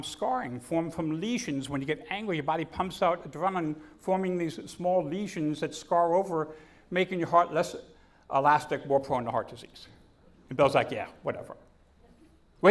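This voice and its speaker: A man giving a comedic keynote speech to a conference audience, telling stories and acting out the people in them. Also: on the high side. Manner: storytelling, animated, acts out quotes. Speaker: keynote speaker. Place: conference stage.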